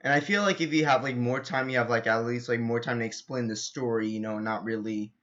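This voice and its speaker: A man's voice: mid-range voice, brisk, fairly bright tone. A young man with a mid-range voice cohosts a casual podcast. He is agreeable and chimes in often. His mic sounds dull and lo-fi. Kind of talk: casual chat.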